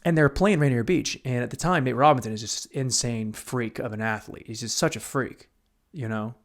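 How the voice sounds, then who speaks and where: A young man hosting a solo podcast, telling rambling, profane stories and breaking into sudden loud outbursts. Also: mid-range voice, normal speed. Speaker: podcast host.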